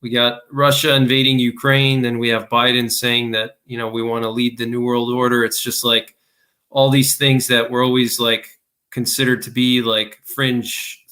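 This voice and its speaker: Casual male panelist, bright and forward tone, rambling with restarts. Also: medium pitch. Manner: thinking aloud, frequent restarts and fillers. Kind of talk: casual podcast discussion.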